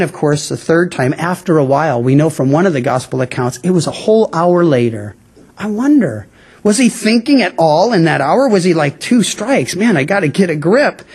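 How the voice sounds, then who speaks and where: High-voiced man preaching a sermon. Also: darkish tone. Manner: conversational, emphatic, with frequent restarts. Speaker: pastor.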